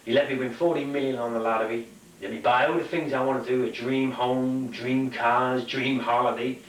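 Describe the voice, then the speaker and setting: A man voicing an indignant dead woman complaining to God, his voice pushed higher, recorded from a distance in an echoey room. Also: fairly even intonation, moderate pace, a little hiss or hum, natural voice.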